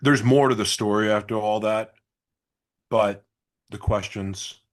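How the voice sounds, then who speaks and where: A man's voice: lowish voice, steady tone, measured pace. A man guest in an interview, telling his story candidly and confessionally, swearing at times.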